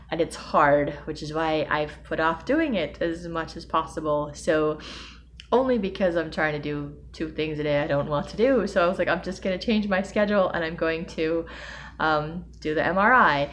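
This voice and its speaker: Emotionally overwhelmed woman rambling, low voice. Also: a little hiss or hum. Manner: emotional, rambling, self-deprecating with nervous laughs. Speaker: vlogger. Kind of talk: personal video diary.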